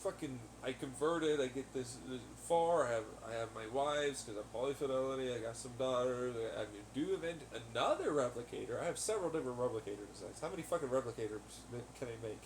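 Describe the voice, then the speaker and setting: A man's voice: mid-range voice, animated, fast, hardly any pauses, a little hiss or hum. Rambling, profane man talking solo. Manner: rambling and profane, with sudden angry outbursts. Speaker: podcast host. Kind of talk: casual rambling monologue.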